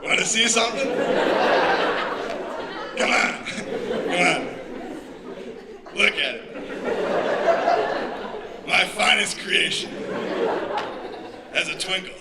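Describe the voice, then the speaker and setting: A stand-up comedian acting out an eager, boastful teenage boy, loud and excited. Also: high-pitched, takes it slowly, pauses often, a loud crowd, pitched above the performer's own voice. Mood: gleeful, boastful. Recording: echoey club with loud background noise.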